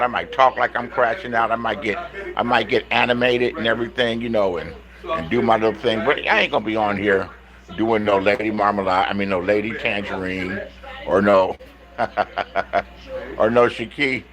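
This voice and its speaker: A man from Los Angeles ranting on a casual livestream, animated and profane, rambling with many restarts and calling out other streamers directly. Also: lowish voice, normal speed, crowd noise, low-quality recording. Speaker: livestream host.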